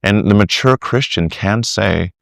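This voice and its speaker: A middle-aged discipleship teacher, guest on a conversational podcast interview, tells stories with animation, acting out quotes and restarting sentences often. His voice is on the low side, creaky and unhurried. The studio-quality recording has no room sound.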